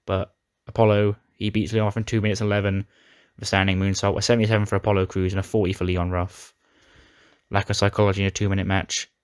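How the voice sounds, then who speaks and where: Brief: man, lowish voice, chatty gaming recap with dramatic storytelling, dry close sound. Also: little pitch movement, fast talker, clean tone, no echo. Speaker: gaming YouTuber. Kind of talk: casual recap of a wrestling sim playthrough.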